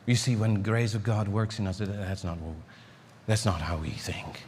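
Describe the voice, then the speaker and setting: A man preaching a sermon as pastor, pleading and repeating himself, swinging between high urgent lines and low hushed ones. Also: normal speed, slight background noise. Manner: pleading, repeats words and restarts. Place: church sanctuary. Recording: long hall reverb in a church.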